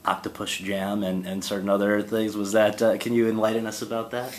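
Halting male interviewer. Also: on the low side, level tone, a little hiss or hum, rough recording. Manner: halting, restarts questions, laughs along. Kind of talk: interview questions.

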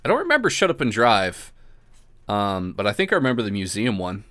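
A man's voice: lowish voice, huge pitch swings, a little fast, sharp tone. A man hosting a casual livestream, chatting loosely with viewers, swearing often and laughing as he talks. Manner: laid-back, swears often, laughs while talking. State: drinking beer, burps. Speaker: host.

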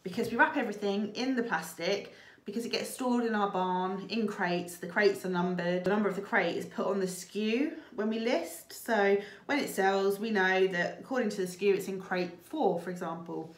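A woman with a husky voice, chatting casually and showing how she packs her stock, with plenty of ums and likes. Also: medium pitch, moderate pace, reverberant. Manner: chatty, fillers like um and like. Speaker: reseller vlogger. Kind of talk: casual chat and demonstration.

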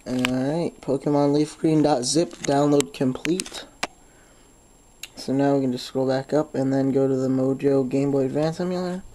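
Man hosting a casual phone how-to, mellow voice, stuffy nose, loose and rambling with fillers. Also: mid-range voice, fairly even intonation, moderate pace, a little hiss or hum. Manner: rambling, lots of "um", swears when frustrated. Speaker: tutorial host. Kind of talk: casual screen-recorded phone tutorial.

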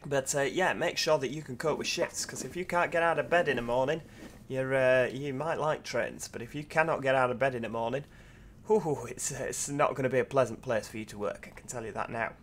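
A man's voice: mid-range voice, brisk, fairly bright tone, a little hiss or hum. Tired, chatty man. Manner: chatty, rambling, self-deprecating asides. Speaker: train sim video host. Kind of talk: casual gameplay commentary.

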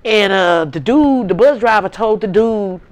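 A woman's voice: medium pitch, lively intonation, measured pace. A woman with a St. telling a story in casual talk, blunt and swearing freely. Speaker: vlogger.

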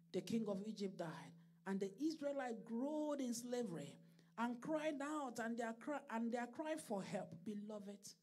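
A woman pastor preaching with high, lively pitch that leaps and falls across her phrases. She delivers her sermon at a slow, deliberate pace with a gravelly texture, breaking into shouts and then dropping to hushed asides. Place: church.

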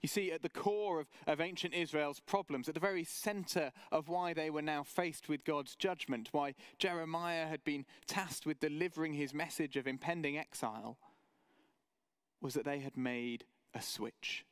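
A man preaching a sermon for an online church service, measured and earnest, with story-telling asides. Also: fairly high pitch, fairly bright tone, clean tone, no echo. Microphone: camera mic, online service.

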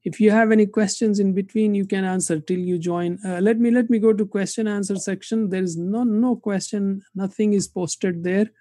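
A man teaching Quranic Arabic in an online class, saying word forms slowly and having students repeat them. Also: high-pitched, fairly even intonation, mellow, no room sound. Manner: drills words slowly, asks class to repeat. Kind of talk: online lesson with drills.

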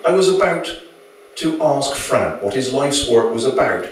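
A man's voice: medium pitch, very animated, a little slow, a little hiss or hum. A male author reading his novel aloud to an audience at a live venue, with dry, wry storytelling. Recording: very echoey room, mic far off.

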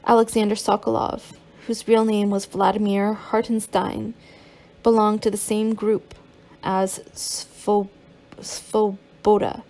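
Gravelly-voiced woman narrating an audiobook. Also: mid-range voice, level tone, slow pace, dark tone. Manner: reads with occasional stumbles and restarts.

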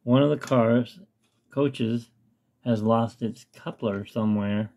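A man's voice: mid-range voice, slow pace, creaky, a little mellow, dull audio. Rambling man tinkering with his hobby. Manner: rambling, talks to himself while tinkering. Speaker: hobbyist vlogger. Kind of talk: casual hobby vlog. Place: home hobby room with model train layout. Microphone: webcam.

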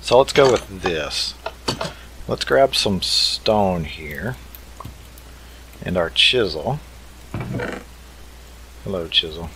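A man with a low, deep voice talks casually through a game session, thinking aloud as he works. His delivery is relaxed and easygoing. A faint hiss of noise sits under the recording. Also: drawn-out words, pauses often, poor audio. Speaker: let's play host.

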